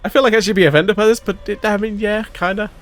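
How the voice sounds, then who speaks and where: A man's voice: high voice, fairly even intonation, fast, fairly bright tone, faint music behind. A man giving a casual, rambling solo recap of a TV episode, full of fillers, restarts and swearing. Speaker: episode reviewer.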